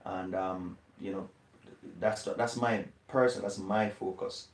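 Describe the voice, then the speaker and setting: Man from jamaica, very deep voice, thoughtful, hesitant, interview answer, distant mic, echoey room. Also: steady tone, slow pace. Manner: thoughtful, hesitant, many fillers. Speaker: interview guest.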